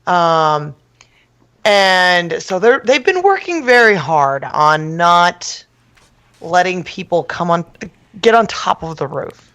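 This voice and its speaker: Animated woman telling a story. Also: lowish voice, slow. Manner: animated storyteller, laughs and shouts quotes. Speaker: podcast co-host. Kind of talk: casual chat, storytelling.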